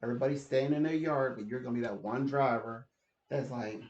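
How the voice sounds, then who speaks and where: A man of middle pitch chats casually to his viewers, laughing often and tripping over repeated words. His voice rings in an echoey room. The sound is slightly dull, as if from a modest mic. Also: brisk, darkish tone. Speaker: channel host. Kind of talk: casual rambling monologue.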